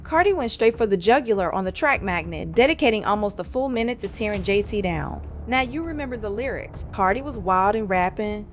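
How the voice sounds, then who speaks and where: A woman's voice: mid-range voice, expressive, a little fast, hardly any pauses, a little hiss or hum. A woman narrating celebrity gossip in a sassy, dramatic, slang-heavy scripted style. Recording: faint music bed behind voice.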